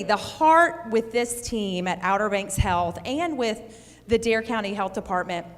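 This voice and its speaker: A woman with an Eastern North Carolina accent giving an enthusiastic public speech to a live audience as a physician introducing a keynote. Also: medium pitch. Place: large hall. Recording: reverberant hall.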